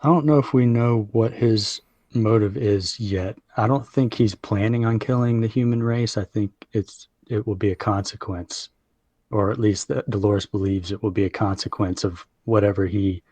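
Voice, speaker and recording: A man co-hosting a podcast, thinking aloud in a measured, casual way. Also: fairly low pitch, fairly even intonation, warm tone, no room sound. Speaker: podcast co-host.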